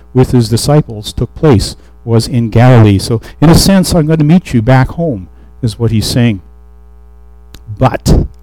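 A man's voice: medium pitch, mellow, dry recording, rough recording. A man preaching a sermon, reading scripture aloud and explaining it in a conversational way with restarts and fillers.

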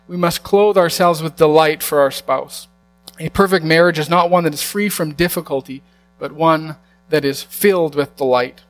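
A man preaching a sermon to his congregation, earnest and slowing down to stress key lines. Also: on the high side. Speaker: pastor.

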